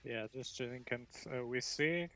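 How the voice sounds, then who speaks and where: A man giving relaxed, analytical color commentary on a live esports match, in casual phrasing. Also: medium pitch, normal speed, rough recording. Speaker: esports co-caster.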